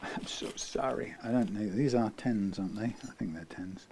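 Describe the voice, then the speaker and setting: Mellow man rambling aloud while working. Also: lowish voice, normal speed, vocal fry, slight background noise. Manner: rambling, thinking aloud, trails into quiet muttering. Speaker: guitar technician. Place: guitar workshop.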